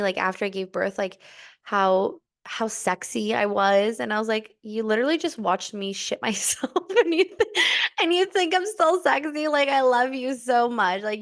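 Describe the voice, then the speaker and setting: A young woman hosting a podcast, telling a personal story in a casual, chatty way with lots of fillers and bursts of excited emphasis. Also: mid-range voice. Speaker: podcast host.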